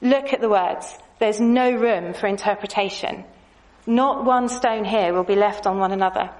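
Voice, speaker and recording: Measured woman teaching a lesson. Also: mid-range voice, darkish tone, rough recording. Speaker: Bible teacher. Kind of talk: scripted lesson with slides.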